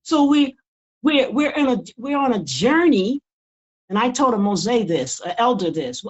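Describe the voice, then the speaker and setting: A woman's voice: a little high, big pitch swings, moderate pace, lo-fi sound. An older woman, a guest in a casual interview, talking earnestly and often repeating words as she builds her point. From United States. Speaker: guest author.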